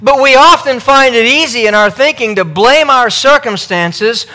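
A man's voice: extremely high pitch, moderate pace, sharp tone. A man preaching a sermon, emphatic and repeating key phrases as he addresses his listeners directly.

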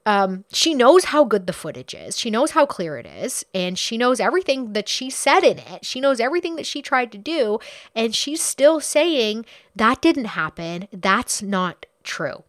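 Chatty and blunt, a woman retells a true crime case casually, swearing along the way and slipping into quoted voices. Her sing-song pitch swings widely and expressively at a normal speed, recorded close and dry with no room echo.

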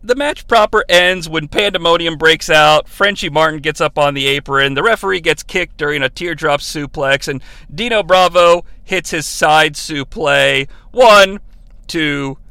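A man hosting a podcast, giving a sarcastic, profane comedy recap with lots of excitement. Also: on the high side, measured pace, clear, resonant tone, no echo. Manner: excitable, sarcastic, swears freely. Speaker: podcast host. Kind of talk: profane comedic recap of an old wrestling event.

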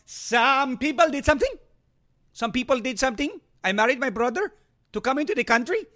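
A man's voice: very high voice, expressive, brisk, pushed and bright, voice pushed up, heavily acted. A man mocking a dismissive congresswoman. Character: mocked female congresswoman, dismissive.

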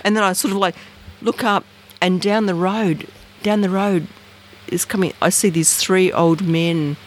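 An Australian woman, an interview guest, telling a personal story in a lively way and acting out the voices and sounds in it. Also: lowish voice, a little slow, slight background noise. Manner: animated, acts out voices and sounds.

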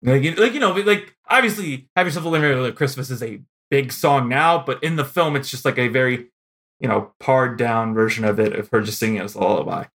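A man co-hosting a podcast, chatting casually about old movies with lots of fillers and quick laughs. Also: mid-range voice, fairly bright tone. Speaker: podcast co-host. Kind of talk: casual film discussion.

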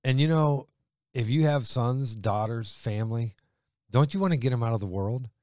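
A man preaching a sermon with fervent emphasis, his delivery rising loud and dropping quiet. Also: mid-range voice, normal speed, no room sound, studio quality.

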